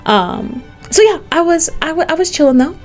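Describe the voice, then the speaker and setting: An American woman vlogging, telling a casual storytime anecdote in a chatty, animated way, full of "like" fillers. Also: very high voice, normal speed, faint music behind. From United States.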